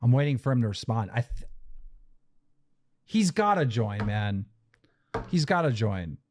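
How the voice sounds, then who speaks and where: A man's voice: mid-range voice, very animated, a little slow, darkish tone, slight background noise. A man hosting a live podcast stream, ranting in exasperation and swearing emphatically. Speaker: podcast host. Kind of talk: heated live-stream rant.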